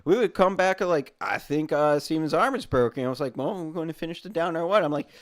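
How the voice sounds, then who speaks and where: A man's voice: on the high side, fast talker. A man from Ohio, co-hosting a podcast in casual chat, telling stories and acting out quotes with laughs. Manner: animated storyteller, acts out quotes with laughs. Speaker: podcast co-host.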